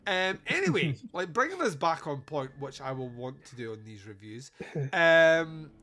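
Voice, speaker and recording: A man with a slightly raised voice, hosting a casual film-review chat. He swears freely and jokes as he goes. He acts out the film's lines in quick put-on voices. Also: on the high side, sing-song, sharp tone. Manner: sweary, jokey, quotes scenes in put-on voices. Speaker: podcast host.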